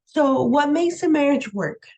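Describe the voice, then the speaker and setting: A woman with a high, animated, slightly mellow voice lectures at a measured pace on a low-quality recording. She's a college instructor in her room at home, young adult to middle-aged and mother of a young daughter, keeping it conversational with repeated "right?" and "um" and frequent laughs.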